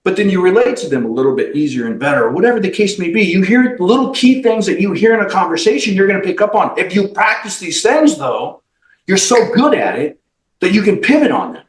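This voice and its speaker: A high-voiced man talks in big, lively swoops, pressing each point bluntly and swearing now and then. He is a company CEO sitting as a guest on a podcast interview. The room around him rings with a noticeable echo. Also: brisk. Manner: emphatic, blunt motivational talk with profanity.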